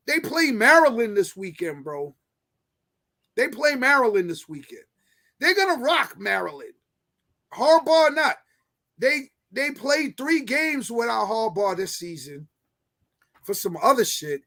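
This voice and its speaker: A man with a very high voice hosts a loose sports chat. He is brash and argumentative, piling on slang as he rants. He sounds like a regular behind the mic. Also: bright, forceful tone. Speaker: sports podcast host.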